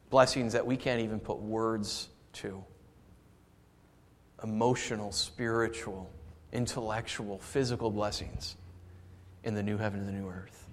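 A man preaching a sermon as pastor, shifting into lively storytelling and asking his congregation for responses. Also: mid-range voice. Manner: conversational preaching with lively storytelling and audience asides. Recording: long reverb of a large hall.

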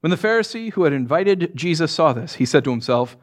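A man giving a conversational sermon, telling the story in an animated way and putting questions to his listeners. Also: fairly high pitch, brisk, hardly any pauses. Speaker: preacher.

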